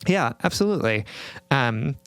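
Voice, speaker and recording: A man co-hosting a podcast in casual chat, gently validating, with many fillers and restarts. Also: mid-range voice, expressive, normal speed, no echo. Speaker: podcast co-host.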